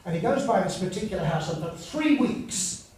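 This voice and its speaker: A man's voice: high voice, lively intonation, moderate pace. An older English man doing stand-up, telling stories and teasing the audience in a chatty way. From England. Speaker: comedian and after-dinner speaker. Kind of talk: stand-up storytelling. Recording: echoey hall from far off, loud noise.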